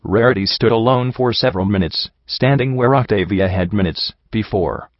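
A man narrating a storybook audiobook in a steady, measured way. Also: lowish voice, dry recording. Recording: dull lo-fi recording.

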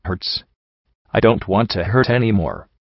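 A man's voice: fairly low pitch, animated, measured pace, vocal fry, no echo, muffled recording, full character voice. A man reading the part of a miserable drugged stallion pony who mutters thickly, in a storybook reading. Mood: pained mutter.

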